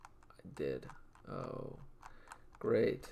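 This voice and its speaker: A man's voice: fairly low pitch, sing-song, drawn-out words, gravelly, dark tone, a little hiss or hum. A young man giving casual gameplay commentary, listing names in a dry, matter-of-fact way with amused asides. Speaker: gaming video creator.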